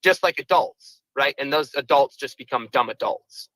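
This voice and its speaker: A man's voice: medium pitch, normal speed, a bit bright, dry recording, poor audio. A man in his twenties calling in to a podcast, rambling and filling his talk with "like" and "right". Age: 20s. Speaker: caller. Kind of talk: casual call-in chat.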